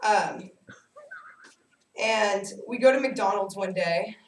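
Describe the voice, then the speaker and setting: A woman's voice: mid-range voice, takes it slowly. Young woman telling stories in an echoey room. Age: young adult. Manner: animated, self-mocking storytelling. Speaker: student giving a speech. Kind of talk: personal storytelling speech. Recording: echoey room, distant mic, faint hiss.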